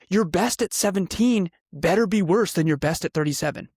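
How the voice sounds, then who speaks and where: A man's voice: high voice, moderate pace, gravelly, few pauses, a little mellow, breathy edge, no room sound, clean studio sound. A man speaking as a guest on a podcast, emphatic and intense, pressing his points with rising force and the odd laugh. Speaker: podcast guest, company CEO. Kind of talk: passionate podcast conversation.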